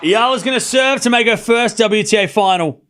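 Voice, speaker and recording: This is a casual, chatty stream where a man calls tennis live in a high, bright voice. Rallies go by fast in his narration, sprinkled with slang and asides for his chat, and the biggest moments push him into a shout.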